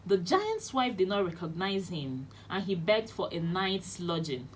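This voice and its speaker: A woman with a Nigerian accent and a lowish voice reads a storybook aloud as a children's radio host, very animated and expressive yet unhurried. She's recorded on a studio radio mic, with a little hiss or hum in the background.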